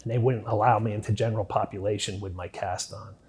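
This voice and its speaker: A man's voice: lowish voice, fairly even intonation, fast talker. A middle-aged man gives an interview about his own past. He talks plainly and bluntly, with casual swearing, and his voice sinks nearly to a murmur when the memories turn grim. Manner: candid, drops to near-quiet at grim moments, swears casually. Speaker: interview guest. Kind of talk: telling his life story in an interview.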